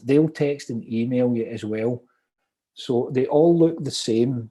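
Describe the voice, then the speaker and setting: A man's voice: medium pitch, mellow. Glaswegian man running an online training. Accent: Glaswegian Scottish. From Scotland, Glasgow. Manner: chatty, upbeat, reads out viewer comments. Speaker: property investment trainer.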